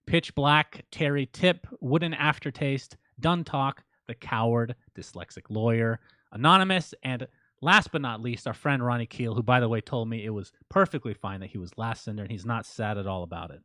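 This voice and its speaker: A man co-hosting a casual podcast, ribbing his partner in a deadpan way and reading out listener shout-outs. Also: mid-range voice, moderate pace, no echo. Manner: dry teasing, deadpan ribbing. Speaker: podcast co-host.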